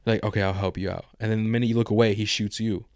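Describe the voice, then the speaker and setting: A man's voice: fairly low pitch, steady tone, rapid-fire, a little mellow, dry recording, studio quality. A man co-hosting a podcast in casual chat, rambling in slang and retelling scenes with quoted lines. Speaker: podcast co-host.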